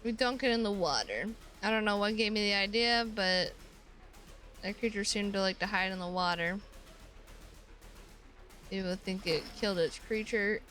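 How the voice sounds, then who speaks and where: Bright-voiced woman streamer reading a game aloud. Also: mid-range voice, moderate pace, long pauses, soft background music. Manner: casual, swears freely, mutters asides. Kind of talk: reading a visual novel aloud with commentary.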